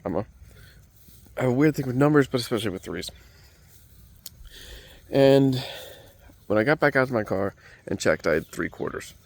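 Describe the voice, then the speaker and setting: A man's voice: mid-range voice, lively intonation, moderate pace, long pauses. A man who is a comedian telling a rambling, self-mocking story, with frequent digressions and profanity.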